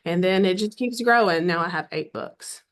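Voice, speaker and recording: In a casual interview, a middle-aged Southern woman with a Southern accent recounts how she came to write romance novels. Her voice sits on the low side at a normal pace, and she acts out quoted dialogue and clears her throat often.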